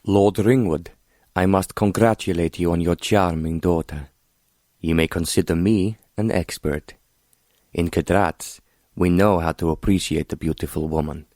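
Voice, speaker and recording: A man voicing a sly, leering foreign prince with a heavy accent, slow and oily in manner. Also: low voice, darkish tone, no room sound, clean studio sound.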